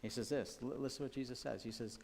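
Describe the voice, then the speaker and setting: A man's voice: mid-range voice, fairly even intonation, quick pace, gravelly, a little mellow. Pastor, man, chatty sermon delivery, church hall with long reverb. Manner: conversational, personal and full of asides. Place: church sanctuary.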